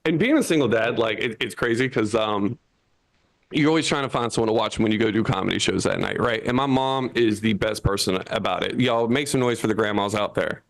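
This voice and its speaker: A man in his thirties from Florida doing a stand-up comedy set from his seat on an online show, jumping into high voices when he quotes people. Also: fairly quick. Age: 30s.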